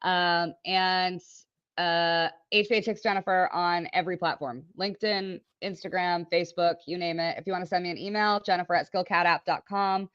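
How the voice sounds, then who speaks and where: A woman guest on a podcast telling stories in a casual, animated way, laughing often and acting out the people she quotes. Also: fairly low pitch, moderate pace, clean tone, no echo. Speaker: podcast guest, business owner. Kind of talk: casual storytelling. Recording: dull lo-fi dry audio.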